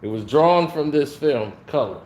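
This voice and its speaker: A man giving a casual, animated spoiler review of a film, talking to his viewers. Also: fairly high pitch, slight background noise. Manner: animated, conversational, drawn-out delivery.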